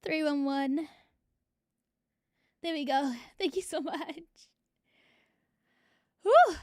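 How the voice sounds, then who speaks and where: A woman's voice: high voice, fairly even intonation, slow, darkish tone, no room sound, studio quality. A young adult woman streamer chatting casually to her viewers, swearing freely. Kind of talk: casual live-stream chat.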